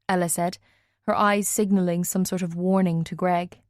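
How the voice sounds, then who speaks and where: A woman narrating a first-person audiobook in a measured way, lightly voicing the other characters. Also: on the low side, little pitch movement, no echo. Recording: dry studio recording.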